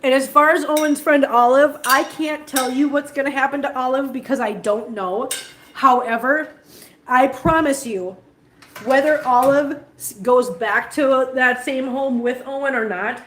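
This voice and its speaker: A woman's voice: sits high, unhurried, a bit bright. A woman vlogger who runs a cat rescue, telling a story to her viewers in casual, emotional, chatty talk from an indoor cat room. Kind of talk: casual live-stream chat to viewers. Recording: echoey room with faint ambient noise.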